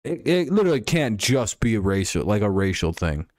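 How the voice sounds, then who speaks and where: A man's voice: fairly low pitch, sing-song, fairly quick, a little mellow, dry recording, clean studio sound. A man hosting a casual stream, rambling and joking crudely about sports. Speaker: streamer host.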